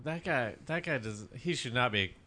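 A man's voice: mid-range voice, expressive, normal speed, bright, forceful tone. A man co-hosting a podcast, needling the others with sarcastic, profane banter. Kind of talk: casual chat.

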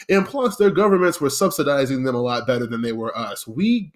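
A man's voice: mid-range voice, lively intonation, a little fast. Exasperated man ranting. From United States. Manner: exasperated, profane, rambling. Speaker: podcast host. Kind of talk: ranting solo podcast monologue.

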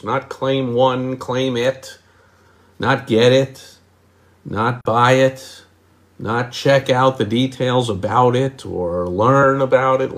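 A man, a marketing consultant, critiquing advertising copy in a casual explainer, punching key words with emphasis and mocking asides. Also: medium pitch.

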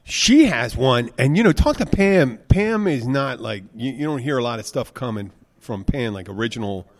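Guy rambling through stories on a podcast, mid pitch, cracks himself up at his own jokes. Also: lively intonation, moderate pace, slight background noise. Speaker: podcast co-host. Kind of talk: casual chat.

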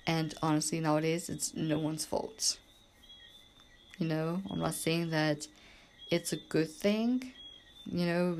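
A woman's voice: low-pitched, a little mellow, slight background noise. A woman from Bermuda, hosting a podcast in a rambling, emphatic casual monologue. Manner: rambling and emphatic, heavy use of "like" and "literally". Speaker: podcast host.

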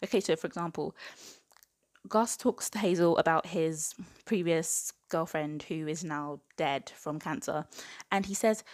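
A woman's voice: lowish voice, unhurried. A woman in her twenties giving a casual book review, chatty and exasperated, with lots of "like". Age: 20s. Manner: exasperated, chatty rant full of "like".

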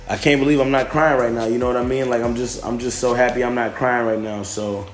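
A man's voice: medium pitch, steady tone, fast, hardly any pauses. A man hosting a solo podcast, talking loosely with lots of restarts and fillers. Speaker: podcast host. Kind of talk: casual solo podcast monologue. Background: faint music.

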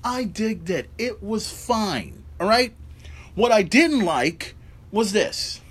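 A man with a slightly high voice rants through a recap on his podcast. He swears freely, keeps asking "right?", and sounds openly incredulous at what he watched. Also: big pitch swings, takes it slowly, a bit bright, breathy edge. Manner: ranting, incredulous, heavy swearing, rhetorical "right?" asides. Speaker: podcast host. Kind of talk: profane wrestling recap rant.

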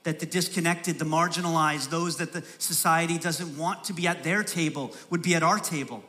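High, bright-voiced male preacher. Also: fairly even intonation. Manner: builds from soft, slow emphasis to raised, urgent preaching; repeats phrases for emphasis. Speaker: pastor. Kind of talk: sermon.

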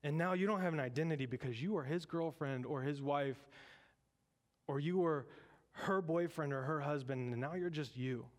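A male pastor preaching in a slightly high voice. He talks in a lively, conversational way and slips in joking asides. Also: moderate pace. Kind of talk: sermon.

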